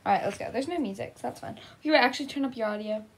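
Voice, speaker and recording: High-voiced young woman gaming chat. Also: racing, breathy edge. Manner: chatty, giggly, blurts out reactions. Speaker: gaming YouTuber. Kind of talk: casual let's-play chat.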